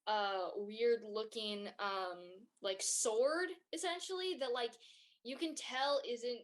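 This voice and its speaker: Slow, rambling woman game master. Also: a little high. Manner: rambling, lots of fillers. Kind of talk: narrating a tabletop game.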